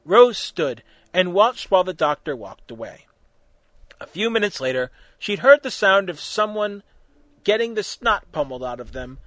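A man reading a fan-made story aloud, narrating in a lively, wry way. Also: a little high, normal speed, soft background music.

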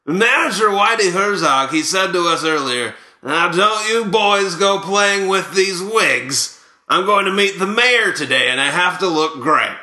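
A man playing an older male ex-ballplayer who tells rambling, boastful, made-up stories in a deadpan way. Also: high voice, a little slow, roomy sound, voice pushed up, exaggerated voice.

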